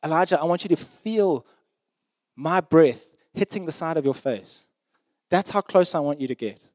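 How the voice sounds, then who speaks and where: God as a patient, close presence, voiced by a male preacher, talking to a tired prophet in easy, plain modern words. The voice sits fairly high for a man and sounds dry and close, with no room around it. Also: expressive, moderate pace, a little mellow, dry recording, natural voice. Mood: gentle. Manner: casual, paraphrasing in plain modern speech.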